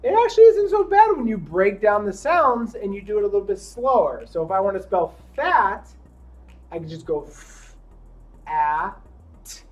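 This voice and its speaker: A man teaching young children to read, encouraging them as he sounds out letters slowly and deliberately. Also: sits high, very animated. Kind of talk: classroom lesson for young children.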